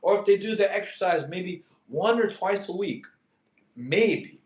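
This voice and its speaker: A young man chatting loosely on a fitness livestream, his voice sitting a bit higher than most. He tells stories with animated energy and peppers them with bro and dude. The sound bounces around an echoey room. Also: measured pace. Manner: animated storyteller, slangy, says bro and dude. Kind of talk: casual livestream chat answering viewer questions.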